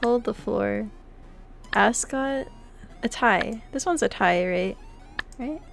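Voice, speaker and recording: A young woman streaming live, chatting casually with her viewers, playful and laughing, swinging between loud outbursts and quiet mumbling. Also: fairly high pitch, takes it slowly, gravelly, faint music behind. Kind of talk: casual live-stream chat while playing games.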